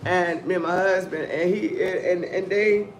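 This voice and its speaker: A woman hosting a casual commentary stream, telling stories in a rambling, profane, animated way. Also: fairly low pitch, normal speed. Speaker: host of a news-and-commentary stream. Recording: echoey room, faint background noise.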